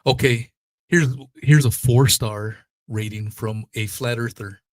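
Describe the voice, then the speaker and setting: Brief: male podcast host, foul-mouthed heated rant, mid-pitched, dry close sound. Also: fairly even intonation, slow pace, dry recording. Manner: profane, blunt, heated. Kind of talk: casual ranting monologue.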